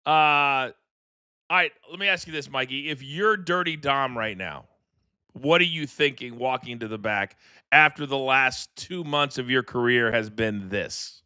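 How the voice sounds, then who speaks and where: A middle-aged man hosting a live wrestling watchalong, ranting in animated, incredulous commentary from a studio mic. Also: mid-range voice, a little slow, smooth, no echo. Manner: animated, incredulous, rambling rants. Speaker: host.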